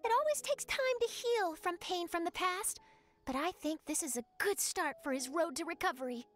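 Cheery young lady journalist, very high voice, brisk and newsy, game music behind. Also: lively intonation, fairly bright tone. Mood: upbeat. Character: upbeat young female news reporter.

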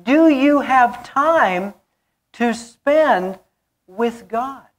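Slow, earnest woman preaching. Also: a little high, expressive. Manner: earnest, repeats phrases for emphasis. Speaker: pastor. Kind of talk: storytelling sermon.

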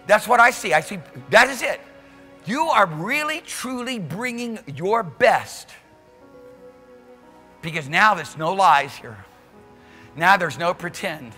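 A male pastor preaching a church sermon with impassioned, repetitive exhortations that rise to shouts. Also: high-pitched, lively intonation, takes it slowly, long pauses, long reverb tail, soft background music. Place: church service.

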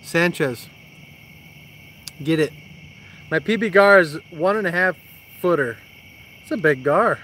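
Hosting a casual fishing live stream outdoors at night by a creek, a young man teases his partner and reads viewer comments aloud. His voice is on the high side, expressive and a bit bright, and he speaks a little slowly with long pauses.

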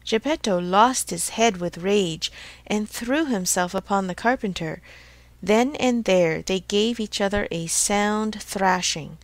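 A woman reading a storybook aloud for English learners in a clear, measured way. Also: medium pitch, no echo. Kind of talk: scripted storybook narration.

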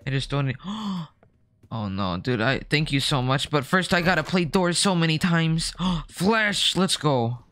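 A man's voice: fairly high pitch, measured pace, dry recording. A man streaming a game, chatting casually and reacting to what happens as he plays. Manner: relaxed, chatty, reacting to gameplay. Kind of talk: casual gaming commentary.

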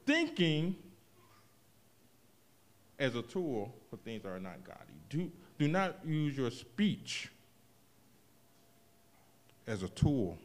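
A man preaching a sermon, moving from hushed reflection to loud, animated emphasis, with casual asides to the congregation. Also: medium pitch, slow pace, long pauses. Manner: expressive preaching, swings from quiet to loud, vernacular asides. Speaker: pastor.

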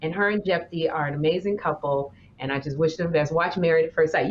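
A woman's voice: sits low, quick pace, highs cut off, slight background noise. Chatty, laughing woman podcast co-host. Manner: chatty and playful, full of laughs. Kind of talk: casual chat.

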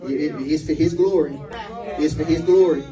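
A man, a senior pastor, preaching a sermon in a church, repeating phrases and building up to shouts. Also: on the high side, steady tone, normal speed, far from the mic, crowd noise, rough recording.

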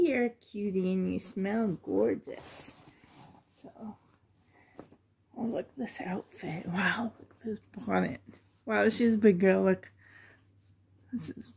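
A woman with a gravelly, husky voice talks slowly through an unboxing vlog. Her tone is dark and mellow, and she often slips into soft, fond half-whispers as she gushes. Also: mid-range voice. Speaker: reborn doll collector.

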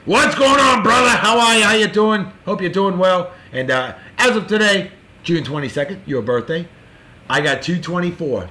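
A man hosting a casual show, giving boisterous, jokey birthday shout-outs in a folksy way. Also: high voice, animated, normal speed. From California. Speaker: show host.

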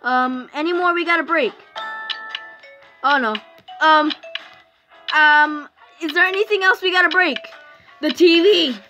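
High-pitched girl rambling through a phone game, bright voice, faint game music behind. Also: a little slow, pauses often. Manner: rambling, chatty, self-interrupting with fillers. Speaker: gaming YouTuber. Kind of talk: casual let's-play commentary. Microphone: phone screen recording.

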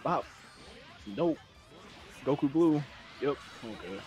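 A man playing a fighting game live, excitable and laughing, with yelps as he plays. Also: a little high, slow, dull audio, soft background music. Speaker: player. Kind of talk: live gameplay banter.

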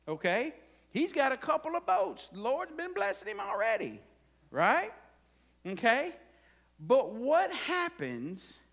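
A man's voice: sits high, a bit bright. A man preaching a conversational sermon as pastor, asking the congregation frequent rhetorical questions.

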